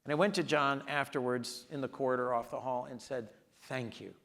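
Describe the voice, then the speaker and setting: A man's voice: mid-range voice, fairly even intonation, fairly quick, fairly bright tone. A man in his sixties, a senator speaking as the guest in an onstage conversation, telling earnest stories with emphatic delivery.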